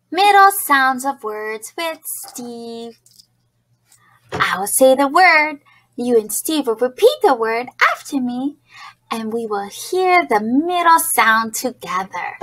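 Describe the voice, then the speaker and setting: A woman leads a kindergarten phonics lesson, sounding out each word very slowly and distinctly. Her voice is bright and pitched a little high. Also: expressive. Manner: slow, clearly enunciated word modeling with praise. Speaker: kindergarten teacher. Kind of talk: phonics lesson for young children.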